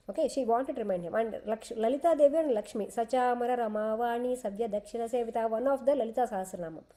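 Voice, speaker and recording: Dark-voiced woman storyteller. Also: on the high side, rough recording. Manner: patient and explanatory, with frequent "okay" fillers. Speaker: scripture storyteller teaching a class. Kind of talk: retelling an epic with commentary.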